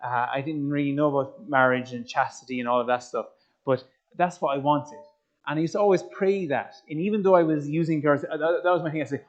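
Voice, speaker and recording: A man giving a personal testimony talk, telling his story in an animated way and turning to the audience with questions. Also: fairly high pitch, quick pace. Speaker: speaker. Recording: slightly muffled recording.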